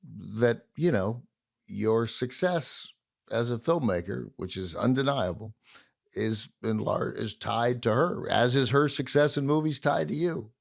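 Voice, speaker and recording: A man's voice: mid-range voice, unhurried, vocal fry. A man hosting a podcast interview, asking long, rambling questions in conversation. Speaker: podcast host.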